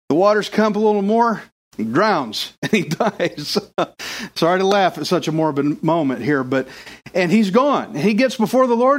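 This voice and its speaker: A male pastor delivering a sermon with animated storytelling. His speaking voice sits fairly high for a man, and he slips into character voices as he tells a tale. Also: normal speed.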